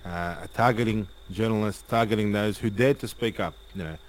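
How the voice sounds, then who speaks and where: A man's voice: lowish voice, brisk, poor audio. A man hosting a casual interview and pushing his opinions emphatically. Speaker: host.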